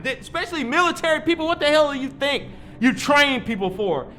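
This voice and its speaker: A man's voice: very high voice, big pitch swings, fairly quick, bright, forceful tone, slight background noise. A man in his thirties delivering a rambling, heated monologue, swearing freely as he lectures. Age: 30s. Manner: heated, profane, preachy. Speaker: vlogger.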